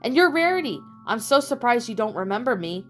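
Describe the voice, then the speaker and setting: A woman voicing a bubbly, hyperactive pink pony mare receptionist in an audiobook reading, with a high-pitched, chirpy voice and rapid excited chatter. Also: soft background music, lightly acted. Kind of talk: audiobook character voice.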